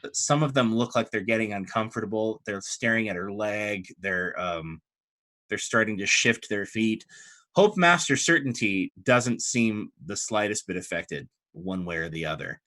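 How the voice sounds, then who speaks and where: A man narrating as game master of a tabletop game, chatty and relaxed, with frequent fillers. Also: fairly low pitch, normal speed.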